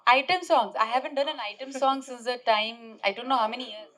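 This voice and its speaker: A woman, telling stories in a chatty, animated way and playfully teasing at a press meet. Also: on the high side, brisk. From India. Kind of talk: casual press-meet talk.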